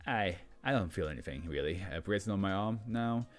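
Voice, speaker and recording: A man's voice: sits low, lively intonation, a little fast. A man voicing a panicked male prisoner who hears voices, stammering and swearing as his voice climbs. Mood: nervous. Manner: frantic, stammering, swearing, voice rising.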